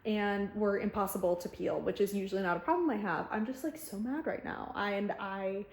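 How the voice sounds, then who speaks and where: A young woman vlogging casually from her home kitchen, talking into a handheld phone camera in quick, chatty bursts full of "oh my God". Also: mid-range voice, a little mellow. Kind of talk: casual vlog chat.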